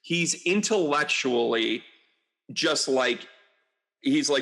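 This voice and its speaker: A man's voice: medium pitch, lively intonation, measured pace, fairly bright tone. A man who works as an astrologer and medium gives a casual, joking and rambling astrology reading.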